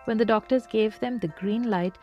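A woman reading a scripted narration in an even, measured way. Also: a little high, lo-fi sound, over music.

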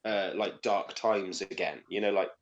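A man's voice: low voice, steady tone, measured pace, lo-fi sound. A young Welsh man chatting on a casual podcast. He rambles through his stories with plenty of ums and likes, swearing as he goes. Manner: rambling, full of fillers and swearing. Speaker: podcast co-host. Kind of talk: casual chat.

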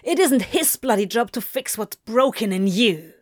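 A woman's voice: medium pitch, unhurried, dry recording, clean studio sound, close to an everyday voice. A woman voicing a sullen, snappish man. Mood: snarling. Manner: growling, snappish. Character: sullen, hot-tempered man.

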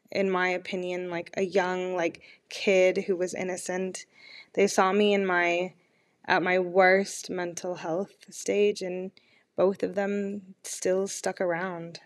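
Woman, twenties, podcast host, candid, rambling, self-mocking, mid-pitched voice. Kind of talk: personal podcast monologue.

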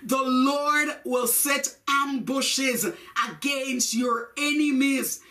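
A woman preaching and praying fervently, shouting repeated declarations and slipping into sung, chanting phrases. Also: high-pitched, fairly even intonation, extremely slow. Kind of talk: fervent sermon and prayer. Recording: voice picked up from a distance.

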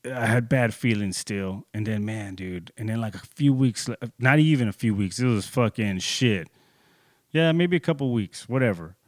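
A man in his thirties telling a personal story in casual, profane speech, getting heated and jumping into higher voices when he quotes people. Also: expressive, normal speed, dry recording, studio quality.

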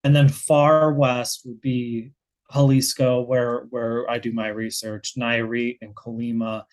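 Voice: medium pitch, flat delivery, slow, darkish tone. A guest researcher with an American accent explaining their field in casual conversation, thinking aloud with many restarts.

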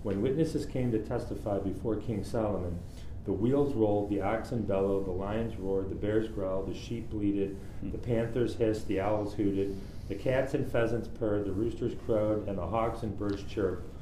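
Casting note: man reading aloud for the class, mellow and low, a bit roomy with faint hiss. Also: steady tone, normal speed. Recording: echoey room with faint noise.

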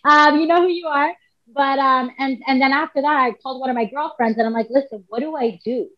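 Chatty woman, fairly high voice. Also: brisk. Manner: chatty, rambling, many fillers and quoted self-talk. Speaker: podcast guest, MMA fighter and coach. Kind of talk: casual storytelling chat. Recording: dull lo-fi podcast audio.

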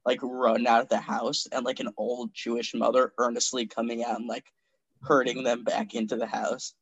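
A man's voice: medium pitch, little pitch movement, normal speed, a bit bright, husky, dry recording. A man co-hosting a casual comedy podcast, rambling through stories with lots of filler words.

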